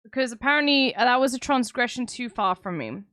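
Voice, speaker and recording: South African woman, young adult, streamer; high pitch, blunt and sarcastic, dry close sound. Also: lively intonation, brisk, bright, forceful tone, no echo. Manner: blunt, sarcastic, swears often. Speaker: livestreamer. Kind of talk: casual chat with stream viewers.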